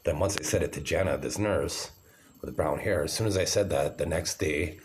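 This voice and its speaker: A man's voice: a bass voice, brisk, slight background noise. A man in his forties talking to camera in an agitated, rambling, profane monologue. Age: 40s.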